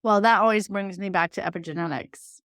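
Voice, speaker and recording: A woman's voice: medium pitch, a little fast, a bit bright, no echo, studio quality. A woman guest on a podcast, explaining ideas in an earnest, encouraging way. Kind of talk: casual conversation.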